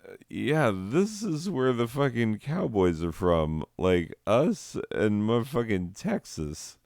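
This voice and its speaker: A man rambling through a solo chat while high, swearing and giggling as he drifts off topic. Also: big pitch swings, slow pace, vocal fry, darkish tone, no echo, clean studio sound. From southwestern United States. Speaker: podcast host.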